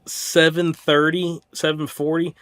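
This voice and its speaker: A young man with a Southern US accent tells a hunting story on a casual podcast, with a voice that sits a little higher than most men's. He talks in an animated way, breaking off and restarting often and filling his sentences with "like". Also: a little slow, smooth. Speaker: podcast co-host.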